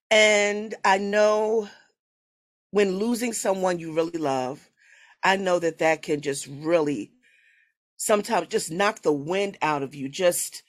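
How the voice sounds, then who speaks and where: Woman hosting a podcast on a video call, affirming, asks questions gently. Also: medium pitch. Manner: warm, affirming, many "okay" and "amen". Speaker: podcast host. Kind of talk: casual interview.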